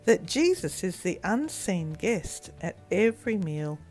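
Gentle woman reading a children's story. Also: fairly low pitch, big pitch swings, unhurried, faint music behind.

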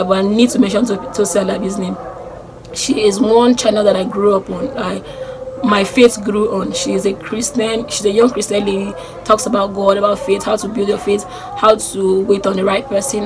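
A young Nigerian woman with a Nigerian accent, chatting excitedly on her vlog and repeating herself as she gushes about people she admires. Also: mid-range voice. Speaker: YouTuber. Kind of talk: casual vlog chat.

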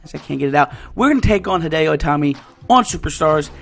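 A young man doing excited let's-play commentary as a gaming YouTuber, yelling at big moments. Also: fairly high pitch, fast, gravelly.

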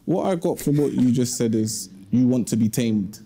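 A man's voice: medium pitch, lively intonation, normal speed, warm tone, husky. A man in a couple's argument explaining his side, stumbling and restarting as he talks. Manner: hesitant, stumbling restarts, talking over her. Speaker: guest in a couple's dispute. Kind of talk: casual debate.

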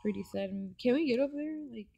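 A woman giving casual gameplay commentary on her phone, excitable and full of gasps and exclamations. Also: fairly high pitch, fast talker, creaky, highs cut off. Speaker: gaming channel host. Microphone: phone microphone while screen recording.

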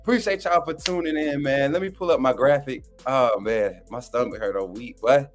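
Guy hosting a live stream, slangy and laughing a lot, faint music behind, mid pitch. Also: moderate pace. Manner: loose, slangy, keeps breaking into laughter. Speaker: host of a sports fan live stream. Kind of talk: casual live-stream chat.

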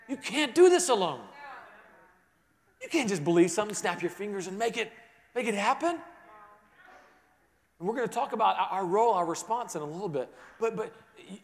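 A man preaching a sermon to a congregation, moving between hushed, intimate passages and rising emphatic ones, often restarting his words. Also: sits high, long reverb tail. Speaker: pastor. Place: large church sanctuary.

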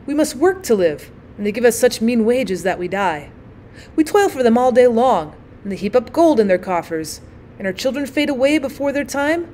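A woman's voice: a little high, a little mellow, slight background noise, close to an everyday voice. A woman voicing a bitter, starving male weaver who speaks angrily in archaic words. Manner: angry, bitter, archaic speech.

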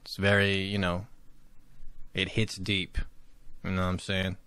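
A young man reacting to a show episode in casual commentary, excitable and swearing often, with sudden loud outbursts. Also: low-pitched, a little slow. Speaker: reaction video host. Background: show soundtrack playing.

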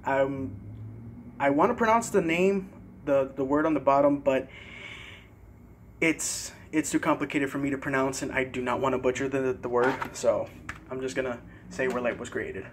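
Young guy vlogging his cd collection, laid-back and halting, faint hum in the background. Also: medium pitch. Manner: relaxed, hesitant with fillers and careful pronunciation. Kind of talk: casual CD collection show-and-tell.

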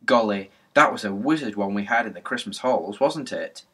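A man's voice: on the low side, lively intonation, normal speed, a bit bright, husky. A man voicing a teasing teenage boy.

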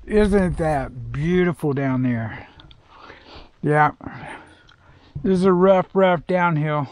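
A man's voice: a little high, expressive, slow, darkish tone, dry recording. An older man vlogging outdoors on a hiking trail, talking in a heartfelt, rambling way and trying to hold back tears. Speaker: hiker vlogger. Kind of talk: reflective trail vlog.

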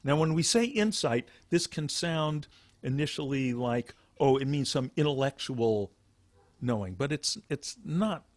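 Man, meditation teacher, halting, restarts phrases, mid-pitched, dry close sound. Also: animated, dry recording. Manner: halting, restarts phrases, explains with plain examples. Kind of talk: dharma talk.

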